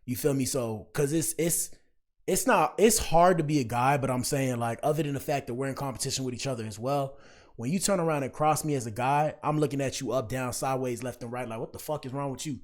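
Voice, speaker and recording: A man's voice: mid-range voice, brisk. A young man giving casual, preachy reaction commentary in slangy talk, speaking straight to his viewers. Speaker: commentary streamer.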